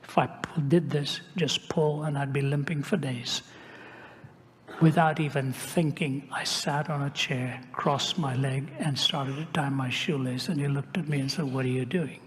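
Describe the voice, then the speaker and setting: A man's voice: mid-range voice, fairly even intonation, a little slow, slight background noise. Man preaching in a reverberant hall. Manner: recounts dialogue, acting out quoted speech, with wry asides. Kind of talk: sermon storytelling.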